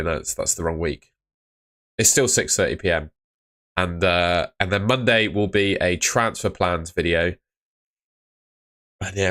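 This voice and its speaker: A young man with a low-pitched voice talks through a live stream. His tone is relaxed and chatty as he answers viewer comments one after another. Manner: chatty, reads out chat comments. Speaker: fantasy football streamer. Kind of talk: casual live stream chat.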